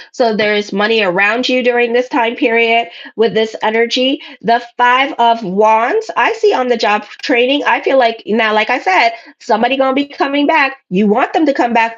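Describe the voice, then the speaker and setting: Brief: high-ish female tarot reader, sassy and blunt, casual reading, dull lo-fi recording. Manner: sassy, blunt, acts out listeners' voices. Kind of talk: casual weekly horoscope reading.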